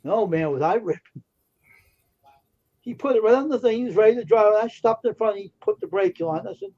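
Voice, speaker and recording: A man's voice: high voice, lively intonation, a little fast, warm tone, highs cut off. A man on a livestream casually telling indignant, heated stories about confrontations. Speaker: stream co-host. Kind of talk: casual storytelling chat.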